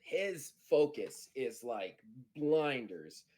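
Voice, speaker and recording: A man narrating as game master in a tabletop game, telling the scene in an animated, filler-heavy way and laughing easily. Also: mid-range voice, extremely slow.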